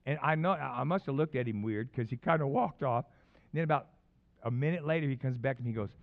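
A man's voice: mid-range voice, fast, gravelly, phone-quality sound. A man preaching a sermon as pastor, telling rambling personal stories with many restarts.

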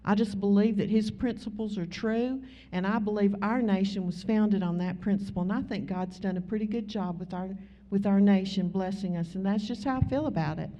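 A woman with a Southern US accent, preaching a sermon in a folksy, conversational way with drawn-out emphasis. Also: mid-range voice, warm tone, slight background noise. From Southern United States. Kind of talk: sermon with storytelling. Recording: slightly muffled recording.

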